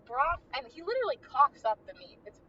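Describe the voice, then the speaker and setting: High lively woman, movie recap chat, distant muffled mic, loud car road noise. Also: brisk. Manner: animated storytelling, acting out characters' lines with laughs. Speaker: podcast host. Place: inside a moving car.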